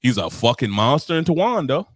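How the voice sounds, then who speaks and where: A man's voice: medium pitch, sing-song, brisk, no room sound, clean studio sound. A man hosting a podcast, ranting in casual, profane chat. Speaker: podcast host.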